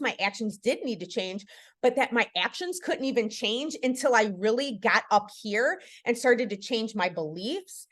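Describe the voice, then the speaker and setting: A middle-aged woman leads a casual book club chat over a video call. Her voice sits a little high, and she speaks earnestly and encouragingly, filling her sentences with "you know" and "like". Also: a bit bright. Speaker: podcast host leading a book club.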